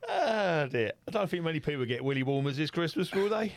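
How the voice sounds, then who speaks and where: A man's voice: fairly high pitch, animated, brisk, no echo. Wry teasing man, dry close sound. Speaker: podcast co-host. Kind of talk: teasing banter.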